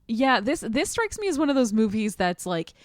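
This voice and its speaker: A woman co-hosts a podcast, discussing an old film casually and thoughtfully, often offering short agreement and laughing easily. Her slightly high voice is sing-song at a moderate pace, with clean studio sound and no room sound.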